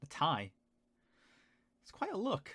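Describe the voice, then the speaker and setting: A man's voice: fairly high pitch, wildly swooping pitch, slow. A man with a Northern English accent, rambling and self-deprecating as he reacts to his old video in casual commentary. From Northern England.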